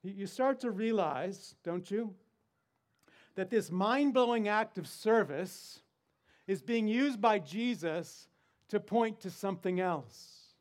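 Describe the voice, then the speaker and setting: Pastor guy preaching slow and deliberate, high-ish voice, leans on words for emphasis. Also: animated. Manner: deliberate, emphatic, rhetorical questions. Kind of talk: sermon.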